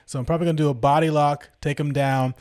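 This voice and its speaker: A man's voice: a little high, steady tone, quick pace, darkish tone, clear, resonant tone, dry recording, clean studio sound. A young man hosting a podcast, telling a story casually and with animation, acting out the people he quotes in a slangy way. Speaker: podcast host.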